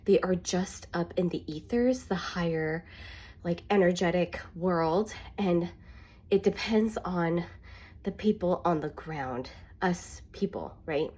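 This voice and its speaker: A woman's voice: on the low side, slow pace, warm tone, breathy edge. A woman in a casual spiritual monologue, earnest and rambling, with many fillers. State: getting emotional. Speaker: spiritual vlogger.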